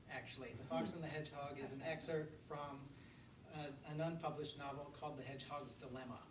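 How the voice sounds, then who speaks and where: Male author, relaxed live reader, chatty asides; distant mic in an echoey shop. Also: on the high side. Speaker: author reading his fiction. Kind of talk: live reading at a book launch. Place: bookstore event room. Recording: echoey room, distant mic, crowd hum.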